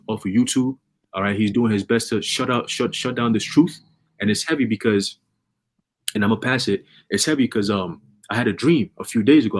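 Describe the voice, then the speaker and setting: Fast-talking husky man preaching casually. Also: lowish voice. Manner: fast, repetitive, energetic street talk with slang. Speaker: host of a religious livestream.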